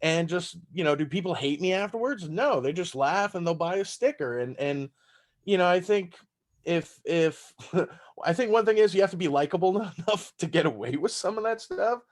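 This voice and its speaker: He's a Texas stand-up with a Southern drawl, casually telling stories on a podcast, cursing and laughing along the way. His voice sits high and is expressive, at a normal speed.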